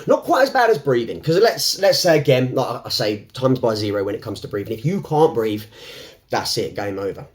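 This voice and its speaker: A man's voice: medium pitch, very animated, brisk. A man talking to camera in an unscripted, reflective way. He rambles, restarts often and laughs between thoughts. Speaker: self-help vlogger.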